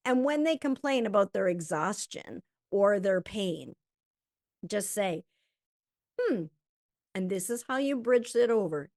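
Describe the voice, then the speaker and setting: A woman teaching a health coaching lesson who acts out sample conversations with lively energy. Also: mid-range voice, measured pace, pauses often, dry recording, studio quality.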